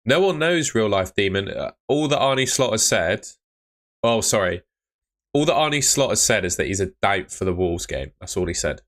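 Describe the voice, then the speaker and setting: A man's voice: on the low side, sing-song, moderate pace, fairly bright tone. A man hosting a casual live stream, chatting and answering viewers' questions, often calling them mate.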